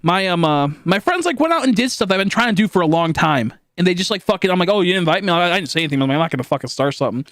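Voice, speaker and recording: Young dude streaming, rambles and swears a ton, dry close sound, voice jumps all over. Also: male voice, sits high, expressive, rapid-fire, hardly any pauses, a bit bright, no echo. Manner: rambling, profane, lots of "like" and restarts. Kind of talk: casual live-stream chat.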